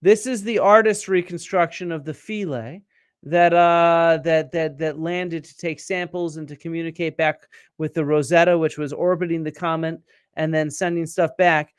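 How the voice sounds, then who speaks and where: A man's voice: on the high side, steady tone, normal speed, clear, resonant tone, no room sound. Middle-aged guy hosting a science livestream, quizzing chat, lots of ums and restarts, dry close sound. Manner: explanatory, quizzing the audience, many fillers and restarts. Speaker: archaeologist and show host. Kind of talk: live-stream science chat with viewer comments.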